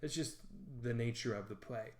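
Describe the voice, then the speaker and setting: A man talks through a literature lesson in a relaxed, conversational way, filling his sentences with small fillers and poking fun at himself. His mid-pitched voice bounces around a noticeably echoey room. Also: normal speed. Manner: conversational, self-deprecating, with frequent fillers. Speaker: teacher explaining literature. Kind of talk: casual educational explainer.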